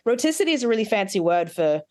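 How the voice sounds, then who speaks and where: A woman's voice: medium pitch, very animated, quick pace, dark tone. Australian woman dialect coach explaining. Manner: explains patiently with many asides and examples. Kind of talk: expert interview.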